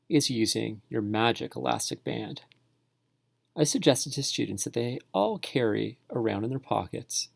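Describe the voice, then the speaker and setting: A male teacher narrating a spelling tutorial for parents and students, speaking slowly and sounding words out syllable by syllable. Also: medium pitch, dry recording. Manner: slow, clearly enunciated, sounding words out.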